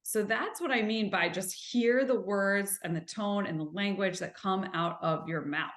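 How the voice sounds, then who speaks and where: With a mid-range voice and roomy acoustics, a female podcast host offers self-help in an earnest coaching manner. She asks her audience rhetorical questions, and her delivery gets slower and softer as she describes gentle listening.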